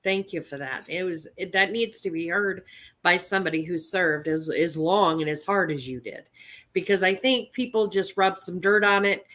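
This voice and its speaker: A woman's voice: lowish voice, normal speed, a bit bright. A woman hosting a casual interview, chatty and supportive. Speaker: podcast host.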